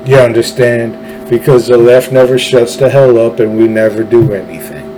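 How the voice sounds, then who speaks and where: A man's voice: mid-range voice, fairly even intonation, moderate pace, mellow, slight background noise, rough recording. A man delivering an opinionated political monologue, ranting emphatically and repeating phrases for effect. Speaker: political podcast host.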